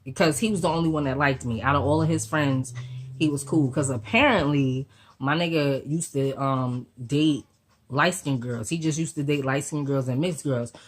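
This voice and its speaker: A woman vlogger telling a storytime in a slangy, animated way, swearing freely and acting out the people in her story. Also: sits low, normal speed. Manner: acts out the voices of people in the story. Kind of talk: storytime vlog.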